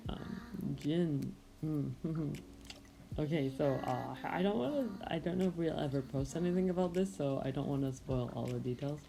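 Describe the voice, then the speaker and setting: A low, creaky, expressive voice belongs to a woman rambling casually over her drawing video at a moderate pace. She often pauses and corrects herself as she explains her process, and the recording is low quality.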